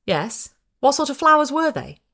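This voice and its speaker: A woman voicing a sleek, condescending male florist who talks in an unctuous, affected way and turns shrill when he gets excited. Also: moderate pace, full character voice.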